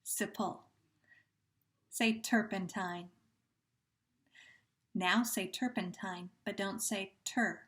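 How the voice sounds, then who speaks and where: A woman teacher runs a sound-deletion drill at a very slow, careful pace. She stretches out each repeated word and praises the listener with patient encouragement. Her pitch sits in an ordinary middle range. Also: fairly even intonation, fairly bright tone. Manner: slow, deliberate, stretches words when repeating them. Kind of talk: phonemic awareness drill lesson.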